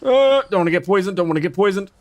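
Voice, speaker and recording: A man's voice: high voice, expressive, very fast. A young man casually commenting as he plays a game on stream, reacting, swearing and talking to his chat.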